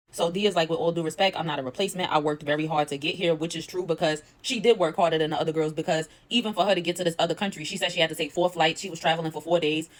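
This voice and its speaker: A young woman talks quickly and bluntly through a reality show recap. Her voice sits low for a woman, and she swears freely with a sassy edge. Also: fairly bright tone. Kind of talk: casual recap commentary.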